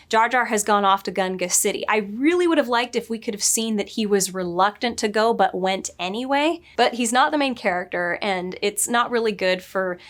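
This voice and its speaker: A middle-aged woman story editor giving casual commentary to camera, thinking aloud with frequent self-corrections and light laughs. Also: mid-range voice.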